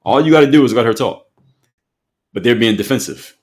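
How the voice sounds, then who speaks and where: A man's voice: medium pitch, expressive, fairly quick. A man hosting an opinion commentary show, speaking emphatically and repeating his points for effect.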